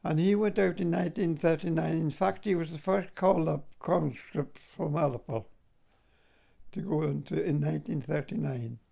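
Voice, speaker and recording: His voice is fairly high, creaky and warm, at normal speed, as this older veteran from Scotland reminisces about the war in an interview. Chuckles come often, as does the phrase "like, you know."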